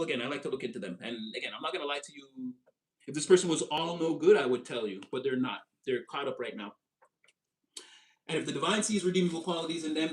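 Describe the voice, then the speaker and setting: Animated, rambling male tarot reader. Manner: animated, rambling, jumps in pitch for emphasis. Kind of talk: casual tarot reading.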